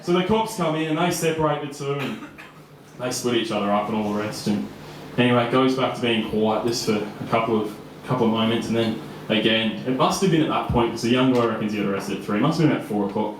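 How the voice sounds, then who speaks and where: A man's voice: medium pitch, fast talker, slight background noise. A young man in his twenties with an Australian accent, telling a personal story live on stage in a casual, chatty way with frequent laughs and fillers. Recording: echoey room.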